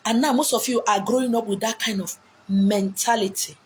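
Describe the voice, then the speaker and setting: Nigerian woman, fairly high voice, animated preaching monologue, emphatic acted-out quotes, faint outdoor noise. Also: fairly quick. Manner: emphatic, acts out quotes with swings in pitch and loudness. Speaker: self-styled spiritual messenger. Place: beach, outdoors.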